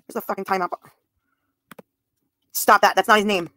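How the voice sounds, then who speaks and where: A woman's voice: medium pitch, fairly even intonation, normal speed, pushed and bright, no echo. Blunt, profane woman streamer, dry sound. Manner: blunt and profane, addressing viewers' comments directly. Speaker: livestreamer. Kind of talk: live stream talk to chat.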